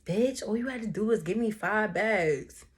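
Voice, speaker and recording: A woman's voice: medium pitch, normal speed, natural voice. A woman voicing a rude, dismissive adult male coworker in a crude, offhand way.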